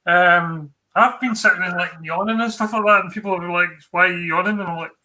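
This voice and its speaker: A man's voice: high voice, moderate pace, sharp tone, poor audio. A Scottish man co-hosting a tech livestream, giving exam tips in a chatty, informal way with many fillers and restarts.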